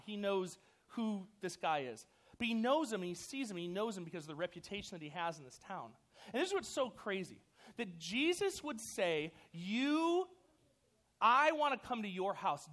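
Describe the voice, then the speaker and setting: A man preaching a casual, animated sermon to a youth group, full of "like" and "you know". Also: sits high. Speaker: youth pastor.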